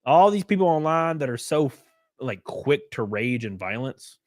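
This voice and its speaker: A man's voice: mid-range voice, moderate pace, no echo, clean studio sound. A young man hosting a livestream, commenting casually, swearing freely, laughing often and thanking donors by name. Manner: animated, profane, laughs often. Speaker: livestream host.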